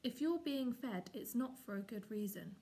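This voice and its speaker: A fierce, streetwise young she-cat speaks bluntly and urgently, read by a woman. The voice is gravelly and a bit high. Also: lively intonation, moderate pace, dark tone.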